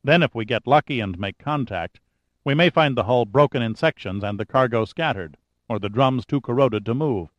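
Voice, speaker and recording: A man's voice: medium pitch, expressive, normal speed, no echo, muffled recording, natural voice. A man voicing an arrogant, charming male adventurer who talks in a dry, clipped, sardonic way in an audiobook.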